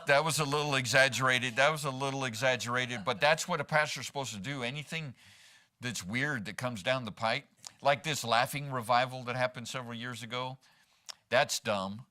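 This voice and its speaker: Bright-voiced man preaching a sermon. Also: mid-range voice, moderate pace. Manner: conversational, peppered with rhetorical "right?". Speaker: pastor. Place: church sanctuary.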